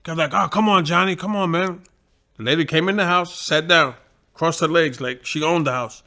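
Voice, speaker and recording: A middle-aged boxing trainer with a slightly high voice tells stories at a moderate pace in casual conversation. He's loose, profane, and animated, acting out the voices of the people he quotes.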